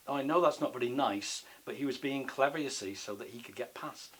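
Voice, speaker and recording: A man telling a bedtime story to a child, with gentle, chatty asides. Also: mid-range voice, fairly quick, hardly any pauses, very noisy.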